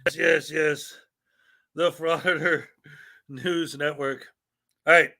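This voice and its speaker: Bright-voiced joking man on a live stream. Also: on the high side, steady tone, slow pace, creaky. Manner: joking, laughs often, reads mock legal paperwork aloud. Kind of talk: casual live stream chat.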